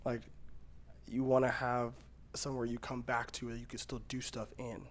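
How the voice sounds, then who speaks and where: A young man co-hosts a podcast, rambling through a loose, casual chat full of fillers and frequent laughter. His voice is medium-pitched and monotone, at a moderate pace.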